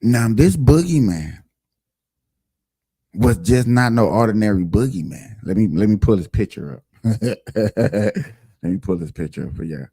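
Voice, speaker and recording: A man's voice: lowish voice, lively intonation, moderate pace, pauses often, warm tone, breathy edge, no echo, clean studio sound. A man hosting a casual livestream show, talking emphatically and directly to his viewers.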